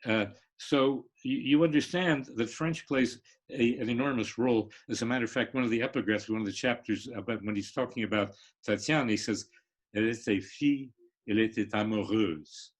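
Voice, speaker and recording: An older man, a literature professor, explaining in a halting lecture style with many pauses and restarts. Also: mid-range voice. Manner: halting, many fillers and restarts, sings rhythms. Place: online live stream.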